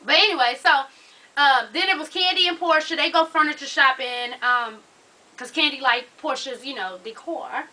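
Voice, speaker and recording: Sassy high-voiced woman recapping TV. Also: normal speed, pushed and bright, poor audio. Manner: sassy, profane, keeps calling listeners honey. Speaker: reality TV recap vlogger. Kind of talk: casual episode recap.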